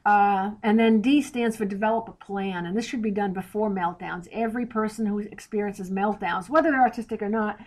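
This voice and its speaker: A woman's voice: mid-range voice, a little mellow. Direct, plain-spoken woman guest on a podcast, mid-range voice, explains step by step. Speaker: interview guest, author. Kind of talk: podcast interview.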